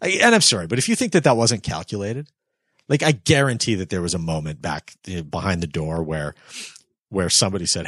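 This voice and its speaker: A man co-hosts a podcast in animated, profane rants, breaking into mocking impressions. His voice is low and a little husky, yet it leaps around in pitch. The sound is dry and close to the mic. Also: fairly quick, dry recording. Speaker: podcast co-host. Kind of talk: casual podcast banter.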